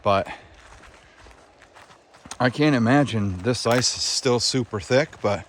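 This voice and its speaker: A man's voice: medium pitch, takes it slowly, a little hiss or hum. A man narrating a casual hiking vlog outdoors on a park trail, chatting to viewers as he walks. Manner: relaxed, chatty, talks to viewers while hiking. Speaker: hiking vlogger.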